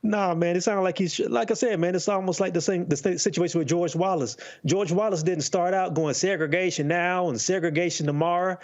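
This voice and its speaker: A man's voice: high-pitched, steady tone, fairly quick, few pauses, highs cut off. A male panelist in casual talk show discussion, speaking in a wry, conversational way.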